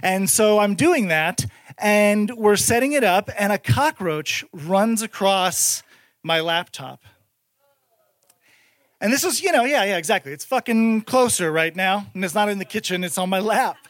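A man with an unusually high voice performs stand-up for a crowd. He tells his story in a profane, excitable way, dropping to low mutters and then breaking into loud shouts. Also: measured pace, no room sound. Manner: profane, excitable, swinging between muttered asides and shouted bursts. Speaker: stand-up comedian. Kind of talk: stand-up storytelling to a live audience.

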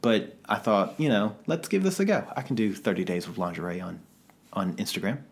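A man's voice: fairly low pitch, fairly quick, vocal fry. A man co-hosting a podcast in casual chat, rambling and self-reflective with a joking streak. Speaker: podcast co-host.

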